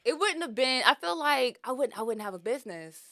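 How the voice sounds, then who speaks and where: A woman, a podcast guest telling her business story in a lively, laughing way. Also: high voice, brisk, no room sound, clean studio sound. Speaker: podcast guest, mushroom grower. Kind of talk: casual storytelling chat.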